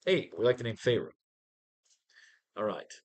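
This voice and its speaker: A man teaching a writing class, giving casual commentary on comics. He talks in a profane, wisecracking and excitable way. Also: medium pitch, moderate pace.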